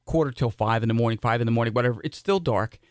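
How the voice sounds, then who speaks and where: A middle-aged man co-hosting a podcast, chatting casually and telling animated stories with sudden loud asides. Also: mid-range voice, racing, smooth, no room sound, studio quality. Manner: animated storyteller, jumps into shouted asides. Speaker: podcast co-host. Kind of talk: casual chat.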